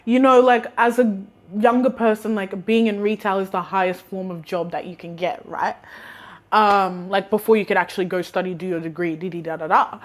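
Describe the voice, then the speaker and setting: A woman's voice: medium pitch, normal speed. Sarcastic young Australian woman, laughing. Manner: animated, sarcastic, laughs a lot. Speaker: vlogger. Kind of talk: casual storytime.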